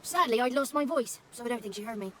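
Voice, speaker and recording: A woman's voice: a little high, animated, quick pace, a crowd in the background, lightly acted. A woman voicing a small, impish male forest spirit in a video game, chatty, crude and theatrical, savouring silly words. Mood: rambling storytelling. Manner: playful, theatrical, relishing tongue-twisters.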